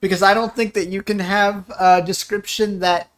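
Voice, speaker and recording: A streamer chatting casually while playing an online game, talking slowly with lively ups and downs. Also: medium pitch.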